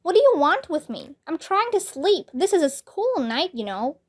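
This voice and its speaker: A woman's voice: very high voice, sing-song, normal speed, a little mellow. A woman voicing a nervous, stubborn young schoolboy in a children's storybook read-aloud.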